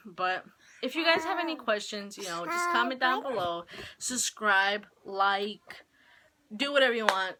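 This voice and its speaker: A woman's voice: mid-range voice, a little slow, sharp tone, slight background noise. A teenage girl talking casually to the camera at home about being a young mom, rambling with lots of "like" fillers. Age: teens. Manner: chatty, rambling with many "like" fillers. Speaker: vlogger. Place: home, holding her baby.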